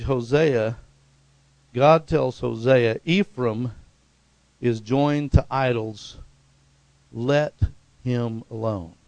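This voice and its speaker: A middle-aged man preaching a sermon, animated, leaping into loud high-pitched bursts when he acts out quotes. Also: creaky, no room sound. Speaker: pastor.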